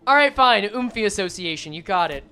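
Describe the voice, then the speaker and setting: A woman gaming streamer with a lively, jumping voice, reading scenes aloud between casual, foul-mouthed jokes. Soft background music runs under her talk. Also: mid-range voice, smooth. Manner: casual, swearing, quick jokes. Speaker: game streamer. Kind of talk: let's play commentary and reading game text.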